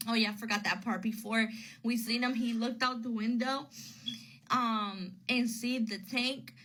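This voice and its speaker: A woman's voice: fairly high pitch, fairly even intonation, measured pace, a bit bright, low-quality recording. A woman casually telling a personal story to her phone camera, rambling and repeating herself as she retells what people said.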